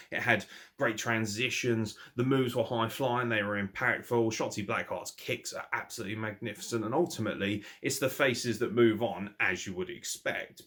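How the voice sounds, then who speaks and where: A man from England with a somewhat low voice gives a casual, off-the-cuff spoken review of a wrestling show. He's animated throughout, ranting and swearing freely and laughing often.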